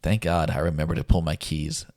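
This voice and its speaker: A man with a very low voice tells a story in a relaxed, easygoing way. He laughs often and acts out what people said to him. The sound is close and dry. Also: fairly quick, no echo. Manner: laid-back, laughs often, acts out quotes. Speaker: guest telling a survival story. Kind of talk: casual storytelling.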